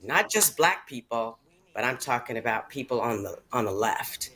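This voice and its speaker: A woman's voice: extremely low pitch, expressive, moderate pace, bright, forceful tone, husky. A woman speaking earnestly and from the heart as a regular on a radio talk show, in casual conversation. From Chicago area. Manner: earnest, heartfelt, tearful at times.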